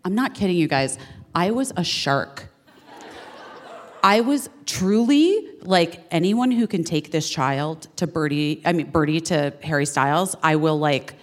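A woman's voice: deep voice, lively intonation, a little slow. A woman in her forties hosting a podcast, telling a story in casual chat, laughing, swearing freely and acting out what people said. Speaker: podcast host.

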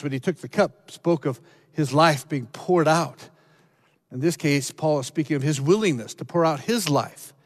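A man preaching a sermon, earnest, climbing to emphatic peaks and then dropping low, often repeating words as he restarts. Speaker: pastor.

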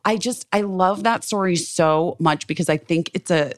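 A woman in her forties hosting a podcast in casual chat, gushing and effusive. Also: lowish voice. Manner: gushing, effusive, quick to enthuse. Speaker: podcast host.

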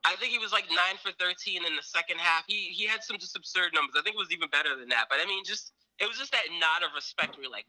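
Man, bright tense voice, slightly high, dry close sound, casual sports chat, rambling, animated. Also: fast talker, few pauses, no room sound, low-quality recording. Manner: rambling, animated retelling with many fillers. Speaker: sports podcast co-host.

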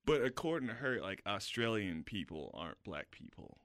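A man's voice: sits low, lively intonation, moderate pace, sharp tone, no echo, clean studio sound. A man, a comedian, telling a crude rambling anecdote in casual podcast chat.

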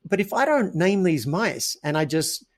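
A man's voice: sits high, big pitch swings, moderate pace. A man, a podcast guest who tells stories animatedly and acts out his own quoted thoughts. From Australia. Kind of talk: casual interview chat.

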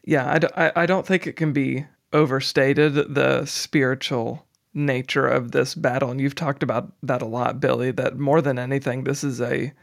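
Podcast co-host guy thinking out loud, lots of restarts, mid-pitched voice. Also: level tone, moderate pace, vocal fry, hardly any pauses. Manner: thoughtful, stumbles and restarts often. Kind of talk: casual commentary.

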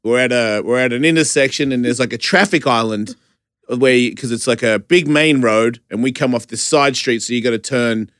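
Animated man telling a wild story. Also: medium pitch, moderate pace, clean tone, no echo, clean studio sound. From Australia. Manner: animated, profane, laughing storyteller. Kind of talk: casual storytelling chat.

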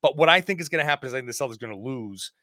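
A man's voice: medium pitch, lively intonation, very fast, bright, forceful tone, no echo, studio quality. A man hosting a sports podcast, chatting casually and self-deprecatingly, slipping into an ad read. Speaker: podcast host.

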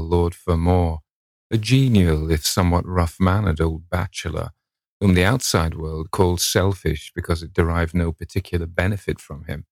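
A man reading a classic novel aloud in a measured, steady storytelling manner. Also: deep voice, vocal fry, no room sound, studio quality. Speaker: audiobook narrator.

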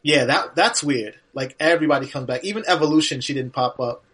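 Husky-voiced easygoing man co-hosting. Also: on the high side, brisk, fairly bright tone. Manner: easygoing, agreeable, laughs often. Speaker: podcast co-host. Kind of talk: casual chat while watching an old wrestling match.

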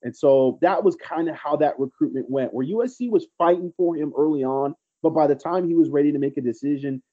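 A man's voice: on the high side, a little fast, dull audio. A man co-hosting a casual sports podcast, telling recruiting stories in a rambling, teasing way. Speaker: podcast co-host, recruiting analyst.

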